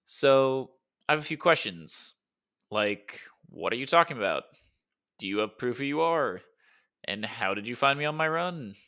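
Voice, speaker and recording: A male narrator voices a sarcastic young man in a storybook reading. His lines come out quick and dry, and his tone is bright and forceful. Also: mid-range voice, animated. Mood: flustered. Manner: sarcastic, talks fast when flustered.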